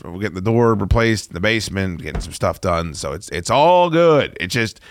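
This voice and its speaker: A man's voice: on the low side, very animated, moderate pace, slight background noise. Profane self-mocking man in his forties. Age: 40s. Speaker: radio host. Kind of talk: casual on-air storytelling.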